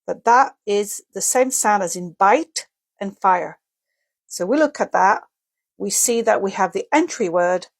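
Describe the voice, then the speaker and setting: A woman teaching a casual video lesson on a dictionary's pronunciation key, explaining step by step and sounding out example words, with small slips and self-corrections. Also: medium pitch. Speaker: English teacher.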